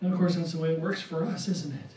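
A man preaching a sermon, slow and deliberate, who often repeats words and tags on "right?". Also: on the high side, dark tone. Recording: roomy sound from a distance.

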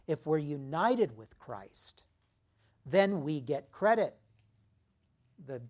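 A man preaching a sermon, emphatic, dropping his voice low for key phrases. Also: darkish tone. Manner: slow, emphatic preaching with dramatic drops in volume.

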